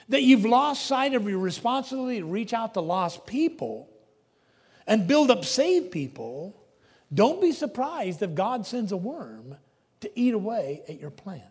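A man preaching a sermon, emphatic, swinging between loud declarations and hushed asides. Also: extremely high pitch, breathy edge. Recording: long reverb of a large hall.

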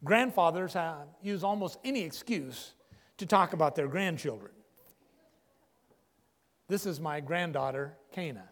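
Older male pastor, high animated voice, emphatic pausing delivery, long hall echo. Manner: emphatic preaching with dramatic pauses. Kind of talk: sermon.

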